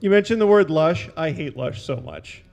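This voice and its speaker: A man with a high voice delivers stand-up one-liners into a handheld mic on a brewery stage. His delivery is dry and awkward, and he keeps undercutting his own jokes with asides. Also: lively intonation, normal speed, gravelly, a little mellow. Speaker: stand-up comic.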